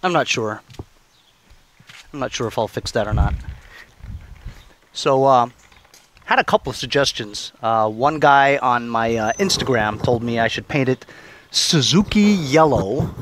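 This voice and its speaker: A man hosting his own repair vlog, chatting casually and thinking out loud as he works, with plenty of fillers and restarts. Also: medium pitch. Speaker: channel host. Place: garage workshop.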